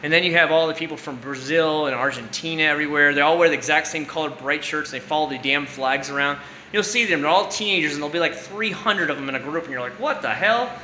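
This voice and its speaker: This is a man in his thirties running a late-night livestream, talking loosely and rambling as he addresses viewers by name. His voice sits a little high, with a sharp tone and a quick pace. Faint room noise and a roomy echo fill the recording.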